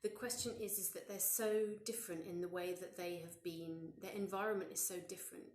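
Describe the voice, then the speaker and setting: Woman explaining parenting tips, gentle and chatty, lots of ums, slightly low voice, echoey room. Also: steady tone, brisk. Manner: gentle, conversational, many fillers and restarts. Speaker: parenting educator. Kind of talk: live online parenting session.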